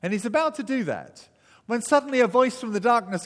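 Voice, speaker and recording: A man's voice: very high-pitched, animated, fairly quick. A man preaching a sermon, telling the story vividly and acting out the voices. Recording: echoey hall.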